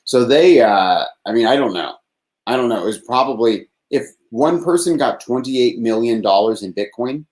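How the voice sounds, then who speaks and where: A Texas man hosts a live nightly call-in show, his medium-pitched, darkish voice animated and reverberant at a normal speed. The casual live-stream monologue rambles along as he laughs often and swears.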